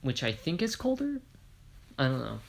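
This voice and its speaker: A man from Ireland with a gravelly, creaky voice, casually talking through a fan story. He rambles, corrects himself mid-sentence and tosses in joking asides, at an ordinary mid pitch. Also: huge pitch swings, normal speed.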